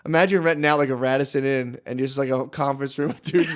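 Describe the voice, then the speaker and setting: A man's voice: fairly high pitch, fairly even intonation, fast talker, few pauses, a bit bright, smooth. A young man co-hosting a podcast, telling rambling stories in casual chat, laughing often and swearing heavily. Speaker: podcast co-host.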